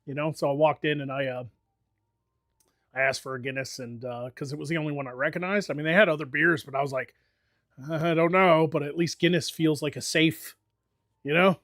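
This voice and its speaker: A man's voice: fairly high pitch, fairly even intonation, fairly quick, fairly bright tone, no room sound, studio quality. An American man streaming and chatting casually, telling rambling, profane stories with lots of fillers. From United States. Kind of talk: casual chat.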